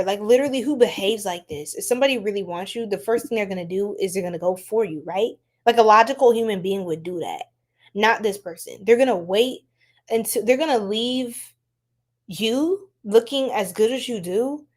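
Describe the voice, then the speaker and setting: A young woman hosting a casual tarot-reading livestream, chatty and quick to laugh, talking straight to her chat. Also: medium pitch, expressive, darkish tone. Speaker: tarot reader, livestream host.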